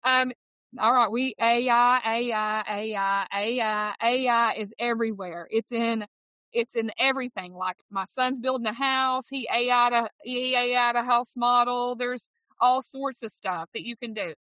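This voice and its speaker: A woman with a Southern accent and a bright, ringing voice, talking with high energy and lots of emphasis. She sounds fifty-ish and conducts an interview. The sound is dry and close. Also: steady tone, dry recording. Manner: exuberant, emphatic, quick to laugh. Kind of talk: enthusiastic interview chat.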